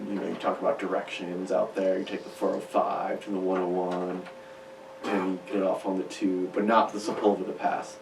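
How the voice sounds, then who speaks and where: A man's voice: deep voice, monotone, normal speed, vocal fry. A man from Chicago, a musician guest chatting in a radio interview. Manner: chatty, rambling. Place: radio studio. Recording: roomy, distant mic with faint hiss.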